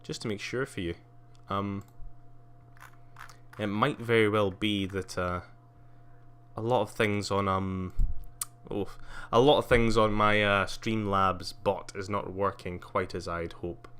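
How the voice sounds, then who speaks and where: Chatty man, low bright voice. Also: fairly even intonation, a little slow, clear, resonant tone. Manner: rambling, many fillers, laughs often. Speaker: live streamer. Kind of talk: casual live-stream chat.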